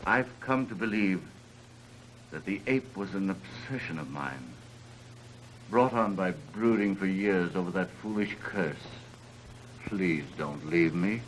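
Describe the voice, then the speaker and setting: A soft-spoken suitor from an early 1930s picture, gentle and pleading. His voice sits very low. Faint hiss of an old film soundtrack runs under it. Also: animated, a little slow, poor audio. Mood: tender.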